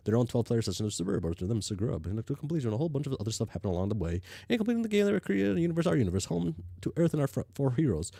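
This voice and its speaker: A man streaming as he reads a webcomic aloud, talking casually, often halting and stammering. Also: fairly low pitch, very animated, vocal fry, dark tone, no room sound, studio quality. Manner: halting, stammers and restarts, mutters to himself.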